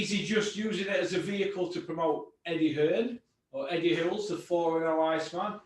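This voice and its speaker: A man hosting a boxing podcast, blunt and sweary, ranting about fights. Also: on the high side. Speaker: host. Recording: very echoey room, distant mic.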